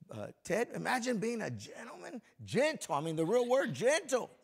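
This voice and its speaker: A middle-aged man preaching a lively, folksy sermon as a pastor, joking with the congregation and swinging between soft and loud. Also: high-pitched, moderate pace, creaky, slightly rough. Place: church sanctuary before a congregation.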